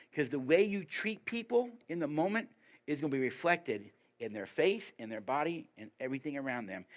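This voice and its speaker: A man giving a sermon as a guest preacher, lively and emphatic, putting rhetorical questions to the congregation. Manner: lively and emphatic, pitch rising on key points.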